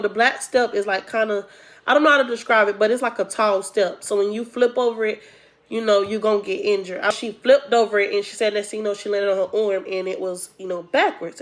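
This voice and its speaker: A young woman telling a personal story to her viewers in a casual, chatty way, talking to them as y'all. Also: mid-range voice. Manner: chatty, addresses viewers as y'all, acts out quotes. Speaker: storytime vlogger.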